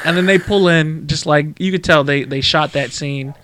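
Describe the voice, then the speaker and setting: A man's voice: a little high, normal speed, fairly bright tone, slight background noise. A man co-hosting a podcast, chatting casually and profanely about a movie, often laughing. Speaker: podcast co-host. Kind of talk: casual movie-review chat.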